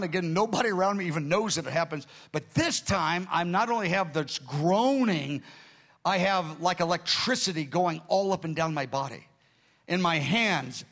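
A man preacher telling a personal testimony in a sermon, animated and storytelling, repeating phrases and acting out dialogue. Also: sits high.

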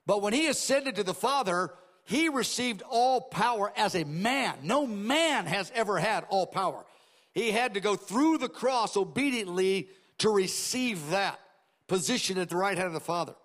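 A man with a notably high speaking voice preaches in an easy, explanatory way, shifting between teaching and acted-out asides. His voice trails off into a long reverb, as in a church sanctuary. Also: animated, moderate pace, fairly bright tone. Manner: conversational expository preaching with dramatized asides. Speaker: pastor. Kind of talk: sermon.

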